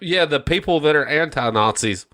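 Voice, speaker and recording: A man's voice: fairly high pitch, animated, normal speed, sharp tone. A man co-hosting a gaming podcast, talking casually with a lot of swearing and frequent laughter. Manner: profane, emphatic, laughs often. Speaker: podcast co-host. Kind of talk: casual chat.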